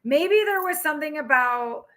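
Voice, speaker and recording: A woman hosting a live tarot reading, chatting in an animated way and answering her viewers' comments. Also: high voice, normal speed. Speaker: tarot reader and healer.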